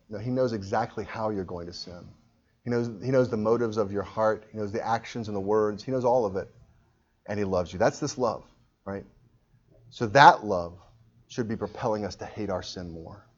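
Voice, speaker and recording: A man preaching a sermon with passion, his voice swelling loud at high points. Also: normal speed, highs cut off. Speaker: pastor.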